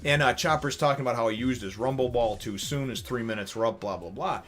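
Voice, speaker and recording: A man casually reviewing a comic chapter, animated and rambling, often laughing as he retells it. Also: medium pitch, fast. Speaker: manga review channel host.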